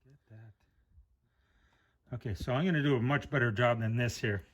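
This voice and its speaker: A middle-aged man hosting a car repair channel, thinking aloud in an unhurried way while he works on a part at his bench. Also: medium pitch, highs cut off. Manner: talks with a flashlight in his mouth at times. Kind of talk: hands-on repair demonstration.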